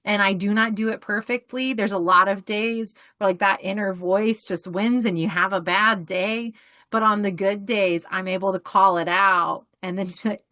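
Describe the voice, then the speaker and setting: A woman co-hosting a podcast, talking in a candid, animated way and laughing often. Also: medium pitch, normal speed, dry recording, studio quality. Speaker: podcast co-host. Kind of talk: casual podcast conversation.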